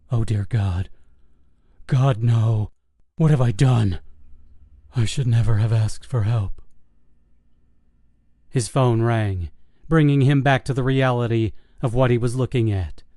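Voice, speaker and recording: A man's voice: medium pitch, no echo, clean studio sound. Man narrating a horror audiobook. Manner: steady, measured storytelling.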